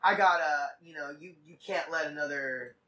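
A man hosts a casual podcast, spinning a rambling, profane story in quick bursts. His voice sits a little high and has a bright, forceful edge. He sounds set back from the mic. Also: far from the mic, poor audio. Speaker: podcast host.

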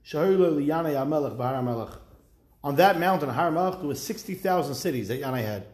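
A man teaching a Talmud class, reading each line and retelling it as a lively story with wry asides. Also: fairly high pitch, fast, echoey room.

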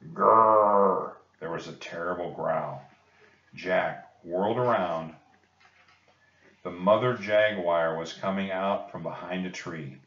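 Low, slow storytelling man. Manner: calm, measured reading. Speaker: narrator. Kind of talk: children's storybook read-aloud. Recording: echoey, distant and muffled.

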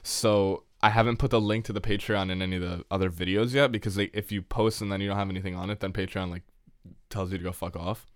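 A male podcast host with a fairly low voice, joking, giggling and rambling through casual chat. The sound is dry and close, with no room echo. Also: fairly even intonation, fast talker.

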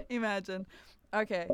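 A woman's voice: medium pitch, takes it slowly, very noisy. A woman hosting a casual podcast chat, frank and playful, laughing often as she talks. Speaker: podcast host.

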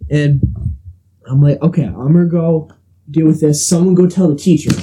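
A man's voice: fairly high pitch, normal speed, warm tone, slight background noise. A young man telling a story in casual chat, acting out quotes and laughing often, recorded on a phone. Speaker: podcast co-host.

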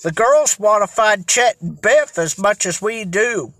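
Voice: medium pitch, lively intonation, measured pace, a bit bright, no room sound. A reader voicing Joe, an eager teenage boy detective, in an audiobook. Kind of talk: audiobook character reading.

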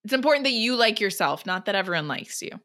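A woman's voice: medium pitch, expressive, fast talker, a bit bright. A woman co-hosting a podcast, chatting animatedly as she retells a book chapter. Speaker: podcast co-host. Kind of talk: casual chat recapping a book.

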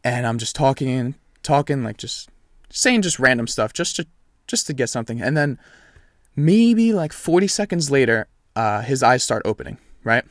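A young man telling a story in casual, animated chat, swearing freely and acting out what people said. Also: medium pitch, moderate pace, no room sound, clean studio sound. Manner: animated, profane, reenacts dialogue.

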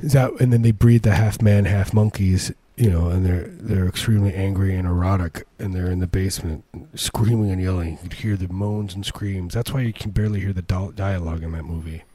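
A man's voice: sits low, steady tone, brisk, hardly any pauses, dark tone, no room sound. A man co-hosting a podcast, riffing through rambling, jokey casual chat full of restarts. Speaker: podcast co-host.

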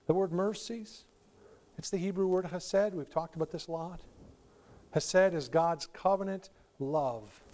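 A male pastor preaching a sermon, swinging from quiet reflection to loud, pleading emphasis, with warm laughs between points. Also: sits high, a little slow.

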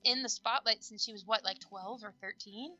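A woman's voice: on the high side, normal speed, pushed and bright, muffled recording, faint music behind. A woman chatting with a friend, enthusiastic and giggly, gushing over good news. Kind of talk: casual chat between friends.

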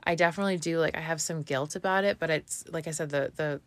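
A woman's voice: deep voice, quick pace, no echo. A woman in her thirties, a mother, telling a heartfelt personal story in a chatty way, with many fillers and restarts. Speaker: vlogger, mother.

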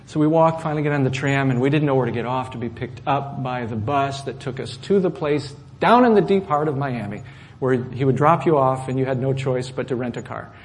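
A middle-aged male pastor telling a personal story in a sermon, swinging from loud, animated outbursts to soft asides. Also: medium pitch, fairly quick. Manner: animated storyteller, rising loud when acting out anger, dropping soft for asides.

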